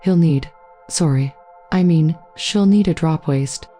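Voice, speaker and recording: Bossy female shop clerk in a read-aloud story, low and mellow, read by a woman narrator. Matter-of-fact, gives orders. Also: slow pace, faint music behind.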